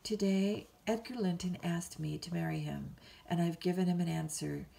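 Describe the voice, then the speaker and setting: A woman reading a bedtime story, voicing a willful, petulant young woman of twenty-two who pleads and flares up quickly. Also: lowish voice, fairly even intonation, vocal fry, dark tone.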